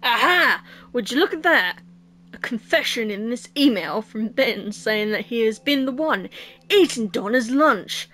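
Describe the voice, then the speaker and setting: A young woman commenting on a horror game as she plays, full of sarcastic jokes and giggles. Her voice sits a little high and swings about a lot. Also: lively intonation, measured pace, fairly bright tone. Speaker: let's play host.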